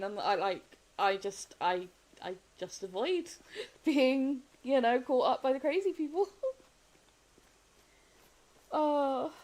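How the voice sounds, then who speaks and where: A woman's voice: a little high, rough recording. A young woman streaming a game and chatting casually with viewers, rambling, laughing often and restarting her sentences. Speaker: gaming streamer. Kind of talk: casual chat while live-streaming a game.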